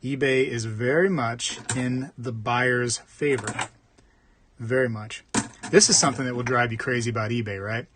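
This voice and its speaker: A man's voice: mid-range voice, fairly even intonation, normal speed, noisy background. A man hosting a casual livestream, rambling and chatting while reading out viewer comments. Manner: rambling, chatty, reads out chat. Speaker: livestream host.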